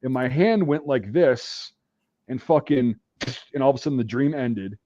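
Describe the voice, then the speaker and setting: Guy rambling through a profane army story, regular pitch, muffled dry audio. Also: expressive, moderate pace, mellow, no echo. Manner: profane, rambling anecdote telling. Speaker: podcast host. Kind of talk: casual storytelling. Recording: dull dry recording.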